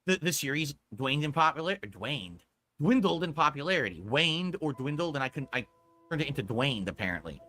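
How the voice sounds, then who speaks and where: A man's voice: fairly high pitch, sing-song, brisk, pushed and bright, faint music behind. A man streaming, scolding a viewer in a profane, emphatic rant.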